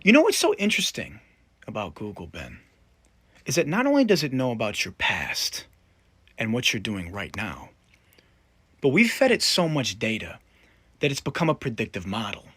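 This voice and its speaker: A man giving a mock-serious comedic lecture, intense and deadpan, dropping to whispers and rising to loud outbursts. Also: on the low side, normal speed, long pauses, slightly rough. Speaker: comedy sketch creator.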